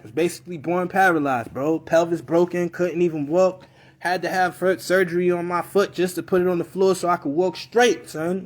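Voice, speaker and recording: A young man telling a personal story in a live video, in slangy casual speech, acting out his relatives' voices. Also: high voice. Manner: animated storyteller, acts out family voices.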